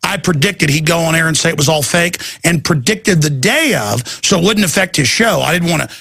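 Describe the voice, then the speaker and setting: Man, talk radio host, emphatic ranting monologue, forceful tense voice, slightly high pitch. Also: expressive, fairly quick, vocal fry, slightly rough, dry recording.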